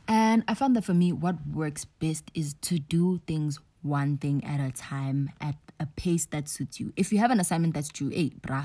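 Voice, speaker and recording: Low, candid young woman podcasting. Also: mellow, dry recording. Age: young adult. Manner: chatty and candid, slangy asides, drops to whispers for emphasis. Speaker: podcast host. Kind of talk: casual personal podcast monologue.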